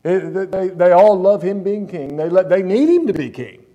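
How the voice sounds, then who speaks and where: A male pastor preaching a sermon in a church, stressing key words slowly and putting questions to the congregation. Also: high-pitched, expressive, warm tone, lo-fi sound.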